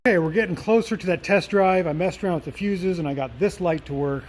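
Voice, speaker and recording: A man with a slightly high voice talks through his car repairs in a plain, matter-of-fact way, as if working with his hands. He is a little out of breath. A noisy engine runs clearly behind him. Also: fast talker. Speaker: mechanic vlogger. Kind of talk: casual workshop narration. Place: garage and then driving a small car.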